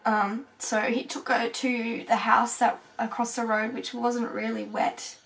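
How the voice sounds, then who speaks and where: Young woman, tearful, halting with fillers, slightly high voice, a bit off-mic. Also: flat delivery, gravelly, a bit bright, distant mic, poor audio. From Australia. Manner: halting, emotional, many fillers and pauses. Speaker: vlogger. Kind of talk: personal storytelling to camera.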